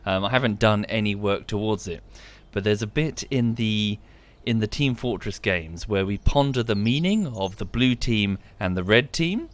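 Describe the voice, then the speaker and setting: A man's voice: fairly low pitch, animated, moderate pace. A man, chatting casually on a live game stream, tired and dry, rambling with frequent ums.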